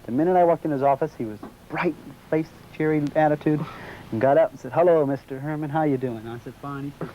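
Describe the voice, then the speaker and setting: A man's voice: on the high side, quick pace. A man being interviewed, telling a long personal story in a casual way and acting out the dialogue he remembers. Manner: animated retelling, acts out quoted dialogue. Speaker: interviewee recounting a sighting. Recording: muffled lo-fi recording, faint background noise.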